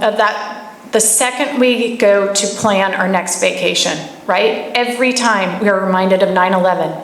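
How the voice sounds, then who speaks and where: Female speaker giving a live talk, fairly high voice, storytelling delivery with questions thrown to the room; echoey room. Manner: storytelling, asks the audience pointed questions. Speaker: speaker at a camp gathering. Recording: echoey room with faint background noise.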